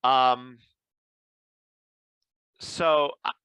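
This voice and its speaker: A man's voice: medium pitch, very slow, clear, resonant tone, dry recording, low-quality recording. A man co-hosting a podcast, telling casual stories and acting out what people said. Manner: animated anecdote-telling with acted-out quotes. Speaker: podcast co-host. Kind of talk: casual chat, storytelling.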